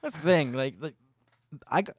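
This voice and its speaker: Animated podcast co-host, dry sound. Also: male voice, on the high side, moderate pace, no echo. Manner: animated, acts out quotes. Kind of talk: casual chat.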